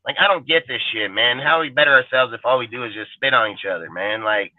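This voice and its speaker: A man's voice: medium pitch, fast talker, no echo. A man hosting a fan show, ranting in a heated, profane, emphatic way. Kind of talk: livestream rant. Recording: dry phone-like audio.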